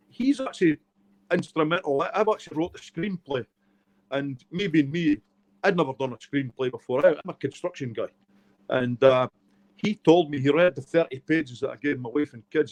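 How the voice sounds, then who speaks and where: A man's voice: a little high, darkish tone. A middle-aged Scottish man, an author being interviewed, telling his life stories in a heartfelt, emotional way. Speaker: author guest. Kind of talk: candid storytelling interview.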